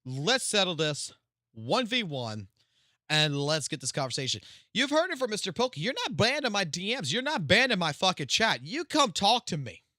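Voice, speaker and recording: A man's voice: high-pitched, sing-song, moderate pace, bright, forceful tone, no room sound, studio quality. A man ranting on a live stream, commenting on online drama in a heated, profane, confrontational way.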